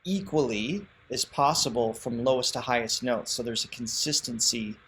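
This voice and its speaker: A man's voice: mid-range voice, moderate pace, fairly bright tone, a little hiss or hum. A man hosting a reaction show from a remote spot, talking enthusiastically and explaining vocal technique with frequent restarts. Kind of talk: casual reaction commentary. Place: remote, away from his usual setup.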